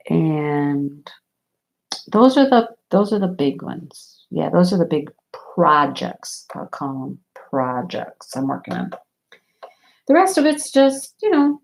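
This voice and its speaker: A woman vlogger telling stories in a casual chat, animated and often laughing. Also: medium pitch.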